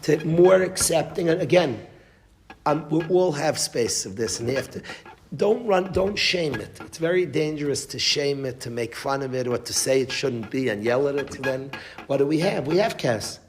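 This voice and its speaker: A man's voice: a little high, expressive, moderate pace, a little hiss or hum. A man giving a Torah class as a rabbi, emphatic, repeating phrases and restarting mid-sentence, with Yiddish and Hebrew terms.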